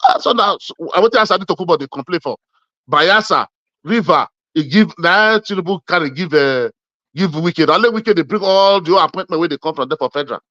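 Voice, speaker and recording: A man from Edo State argues politics in Nigerian Pidgin, pressing his points again and again and addressing the listener as "my brother." His high-sitting voice is animated, fairly quick, bright and forceful, and the interviewee's audio is muffled with no room sound.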